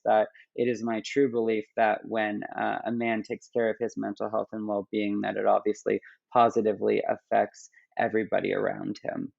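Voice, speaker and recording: Flat, gravelly man in halting talk. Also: lowish voice, dry recording, highs cut off. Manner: halting, many restarts and fillers. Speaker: guest, app founder. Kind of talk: casual interview talk.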